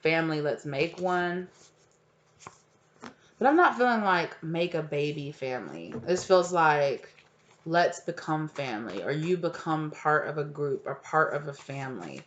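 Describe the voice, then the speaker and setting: A woman's voice: low-pitched, expressive, measured pace, highs cut off, a little hiss or hum. A woman giving a casual, rambling tarot reading at home, full of fillers and asides. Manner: rambling, filler-heavy, chatty. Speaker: tarot reader. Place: home with a cat.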